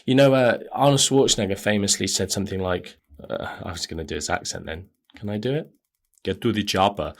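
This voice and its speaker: A man's voice: lowish voice, lively intonation, quick pace, few pauses. A man hosting a podcast, talking in a rambling, self-correcting casual monologue. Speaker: podcast host.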